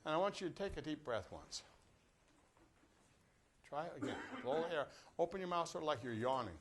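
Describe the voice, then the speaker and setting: A man's voice: a little high, lively intonation, fairly quick, background noise. An older man teaching a brass master class, leading students through breathing exercises with jokes and direct coaching. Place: classroom or rehearsal room with a live audience.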